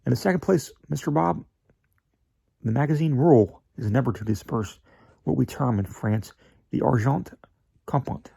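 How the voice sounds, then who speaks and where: A man's voice: mid-range voice, moderate pace, vocal fry, pauses often, mellow, husky, no echo. A man voicing a fawning, evasive male magazine editor who hedges, stalls and sometimes slips into a whisper. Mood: wheedling. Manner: wheedling, hesitant, drops to a whisper. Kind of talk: dramatic reading of a classic story.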